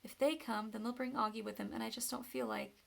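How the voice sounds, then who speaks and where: A woman's voice: on the high side, fairly even intonation, fast talker, creaky. A woman voicing an upset teenage girl in a storybook reading, defensive and emotional.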